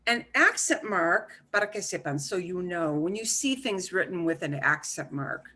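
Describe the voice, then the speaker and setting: A woman's voice: on the low side, animated, moderate pace, bright, forceful tone. A woman teaching a beginners' Spanish class over a video call, explaining patiently with repeats and fillers. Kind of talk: online class instruction.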